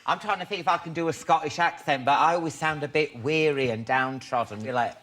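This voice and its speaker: A man's voice: fairly high pitch, fairly quick. A man hosting a chat show, camp and gushing, often breaking into giggles. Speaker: host. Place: TV studio with live audience. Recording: loud studio audience and noise.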